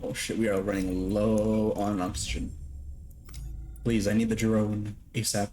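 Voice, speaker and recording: A man's voice: fairly low pitch, level tone, unhurried, a little mellow, faint music behind. A young man streaming a game from home, chatting loosely with his audience, swearing casually and laughing often. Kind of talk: casual live-stream chat while gaming.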